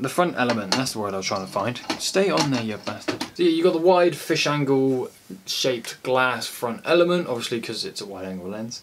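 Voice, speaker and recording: Sweary rambling English guy. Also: medium pitch. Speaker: photographer reviewing a lens. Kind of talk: casual vlog chat.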